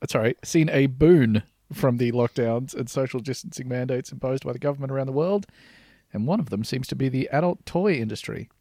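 A man's voice: mid-range voice, a little fast, mellow, no echo, clean studio sound. A man co-hosting a podcast, chatting casually, swearing freely and reading news articles aloud. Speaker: podcast co-host.

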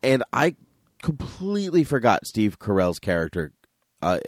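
A man hosting a casual podcast chat, playful and teasing, quick with a joke. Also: mid-range voice, big pitch swings, no room sound, studio quality. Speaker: podcast host.

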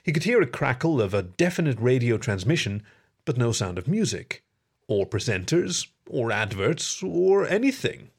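Husky gravelly guy reading a story out, expressive. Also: medium pitch, normal speed. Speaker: storyteller, podcast host. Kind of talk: storybook narration.

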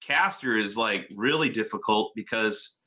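A man telling car stories in casual, profane, animated chat. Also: on the low side, unhurried.

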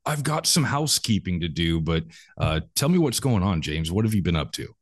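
A man hosting a casual podcast chat, introducing his co-hosts in a relaxed, friendly way. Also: low-pitched, brisk. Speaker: podcast host.

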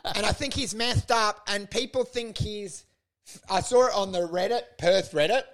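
A man's voice: high voice, moderate pace, a bit bright. A man co-hosting a comedy podcast, riffing in casual banter and acting out mock dialogues in silly voices. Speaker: podcast co-host.

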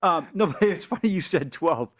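A man co-hosting a casual sports betting chat, talking fast and animated with many stammered restarts. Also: a little high.

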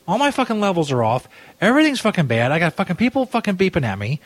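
A man's voice: sits high, big pitch swings, fast talker, dry recording. A man hosting a comedy podcast, ranting profanely as an exasperated broadcaster stuck in a bad spot. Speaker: comedy podcast host playing a frustrated sports broadcaster. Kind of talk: improvised comedy bit.

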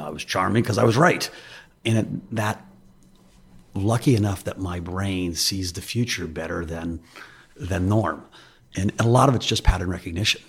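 Low-voiced man with a very husky tone. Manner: candid, animated storytelling with frequent restarts. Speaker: investment firm CEO, guest. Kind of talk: conversational interview storytelling.

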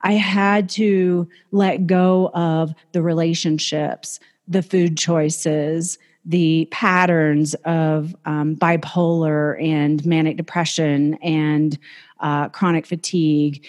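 A woman's voice: low-pitched, flat delivery, takes it slowly, a little mellow. A woman life coach hosting her own show, giving a casual, enthusiastic motivational talk that encourages her listeners. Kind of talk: motivational self-help talk.

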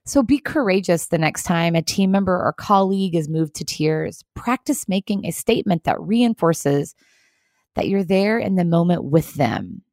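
Lady doing a leadership pep talk, kinda low voice, earnest n encouraging, dry close sound. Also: animated, normal speed, a little mellow, no room sound. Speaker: host of a leadership video series. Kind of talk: scripted motivational talk to camera.

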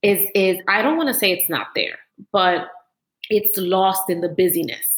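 Woman, interview host, reflective, openly emotional, mid pitch. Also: normal speed, poor audio. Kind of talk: casual interview chat.

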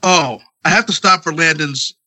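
A man's voice: a little high, normal speed, pushed and bright. A congested man in his thirties ranting profanely about his night at home, as a podcast co-host. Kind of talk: casual chat.

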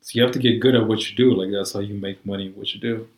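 A man chats casually in a low-pitched voice, swearing constantly and wandering from point to point with filler words. The sound is roomy and echoey. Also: steady tone, fast talker. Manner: profane, rambling, lots of "like" and "you know". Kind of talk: casual chat.

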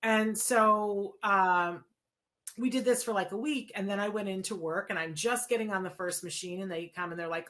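A middle-aged woman, a guest in an interview, telling a personal story in a lively way, acting out what people said and restarting her sentences. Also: medium pitch, normal speed. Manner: lively retelling with quoted dialogue and restarts.

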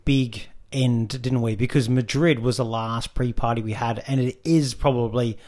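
A man's voice: medium pitch, fairly even intonation, normal speed, darkish tone. Chatty Australian man co-hosting. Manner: chatty, playful asides. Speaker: podcast co-host. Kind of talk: casual chat.

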